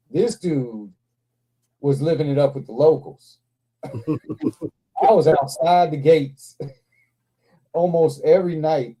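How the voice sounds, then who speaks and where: A man in his forties hosts a casual livestream chat with a very deep, dark tone. He rambles through loose stories full of swearing, restarts and frequent laughter. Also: rough recording. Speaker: livestream host.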